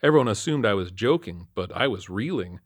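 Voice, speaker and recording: Earnest low-voiced male storyteller. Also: lively intonation, a little fast, no echo, clean studio sound. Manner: earnest, matter-of-fact. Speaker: narrator. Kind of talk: first-person horror story narration.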